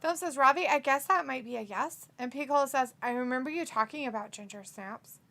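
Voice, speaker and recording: Giggly bright-voiced woman. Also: high voice, fairly quick. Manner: giggly, teasing, laughs often. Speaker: co-host of a wrestling watch-along stream. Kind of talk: casual chat reading live chat messages aloud.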